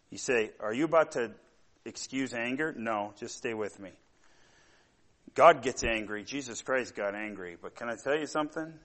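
Rambling, animated male preacher. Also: mid-range voice. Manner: storytelling, rambling with many fillers, getting loud and animated when worked up. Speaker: pastor. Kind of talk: sermon.

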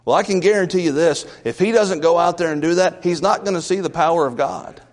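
A man's voice: a little high, brisk. A male pastor preaching a sermon in a church, emphatic and questioning the congregation. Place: church sanctuary. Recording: long reverb of a large church.

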